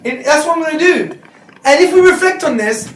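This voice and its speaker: Male lecturer, animated and joking, recorded at a distance in a roomy hall with faint noise. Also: very high voice, fairly quick. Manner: animated, joking, street slang. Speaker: Islamic speaker. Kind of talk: lecture to students. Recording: echoey hall recorded from far off.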